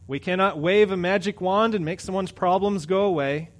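A middle-aged pastor preaching a sermon, conversational, swinging between loud emphatic lines and quiet asides. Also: male voice, high-pitched, moderate pace.

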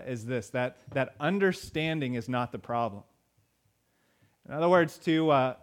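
A male pastor delivering a sermon in a conversational way, with fillers and emphatic repeated lines. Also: on the high side.

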